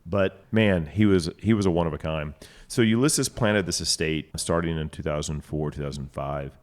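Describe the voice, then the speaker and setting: Middle-aged man, very low voice, lively guest storyteller, outdoor chat. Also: moderate pace. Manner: enthusiastic storyteller, acts out dialogue. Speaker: winery co-owner, guest. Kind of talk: casual storytelling. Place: outdoors in a vineyard.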